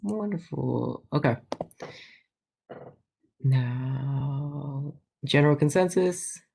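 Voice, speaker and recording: A chair runs a student senate meeting over a video call, keeping things loose and chatty as they move through the agenda. The voice sits mid-range and carries a noticeable gravelly fry. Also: mid-range voice, very slow, mellow. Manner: casual, chatty presiding.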